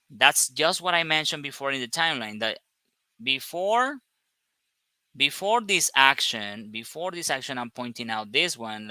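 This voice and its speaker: A man's voice: mid-range voice, bright, forceful tone, clean tone, no room sound. A man teaching an English grammar lesson, explaining step by step, stressing words one at a time and checking in with short questions.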